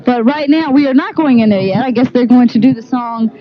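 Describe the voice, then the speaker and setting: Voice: medium pitch, a little fast. A co-host chatting casually on a live TV broadcast from a convention and inviting viewers down. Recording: dull old broadcast with noise.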